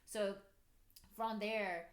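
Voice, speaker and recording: A woman's voice: mid-range voice, steady tone, extremely slow. A woman hosting a podcast, explaining her ideas earnestly in casual conversation and often checking in with "right?". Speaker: podcast host. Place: room. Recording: roomy echo.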